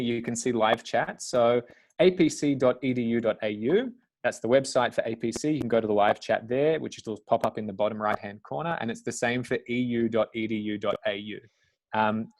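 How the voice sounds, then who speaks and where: A man's voice: medium pitch, darkish tone. A man hosts a live online webinar, reading out viewer questions and running polls. He speaks in an upbeat, chatty moderator's way, with frequent fillers, over a video call. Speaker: webinar host.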